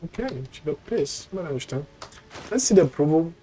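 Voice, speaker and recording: A man's voice: fairly high pitch, lively intonation, fairly quick, warm tone, low-quality recording. A young man streaming a video game, chatting casually, swearing and reading item text aloud. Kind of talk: casual gameplay commentary.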